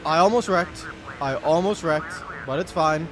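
Excitable young man narrating a racing game. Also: fairly high pitch, unhurried, background noise. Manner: excitable, yells when wrecked, mutters to himself. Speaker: gaming YouTuber.

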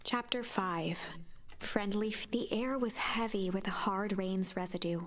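A woman narrating a storybook video game in a calm, even tone. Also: medium pitch, unhurried, close to an everyday voice.

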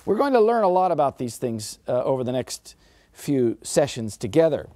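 A middle-aged man giving a Bible study lecture, asking rhetorical questions and slowing down to stress key words. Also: mid-range voice, big pitch swings, dark tone, dry recording. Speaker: Bible teacher.

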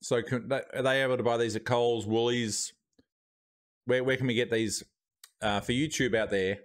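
A man's voice: medium pitch, steady tone, normal speed. An Australian man hosting a casual live stream, chatting while he eats. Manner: chatty, talking while eating. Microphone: streaming mic with noise gate.

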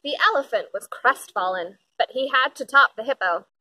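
Bright, lively woman reading a storybook. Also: high-pitched, moderate pace, no room sound, poor audio. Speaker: storybook reader. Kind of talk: children's picture book read-aloud.

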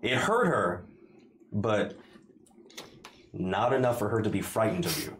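A man narrating a tabletop game as dungeon master, describing the action in a halting way with many pauses. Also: on the low side, very animated, a bit bright, a little hiss or hum. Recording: roomy echoey room.

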